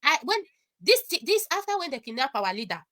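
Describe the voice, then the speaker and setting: This is a Nigerian woman speaking as a guest on an online discussion. Her voice sits high and sounds bright and sharp. She talks excitedly, mixes in pidgin and laughs often. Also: brisk. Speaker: guest commentator.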